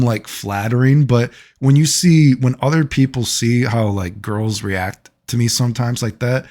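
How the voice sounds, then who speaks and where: A man's voice: on the low side, darkish tone. A man vlogging, telling personal stories in a loose, rambling way, full of fillers and frequent laughter. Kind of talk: casual rambling storytelling.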